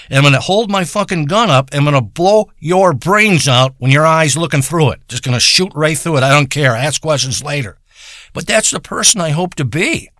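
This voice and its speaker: Bright, somewhat high male voice; profane deadpan storyteller, rambling comic monologue. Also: dry recording, studio quality.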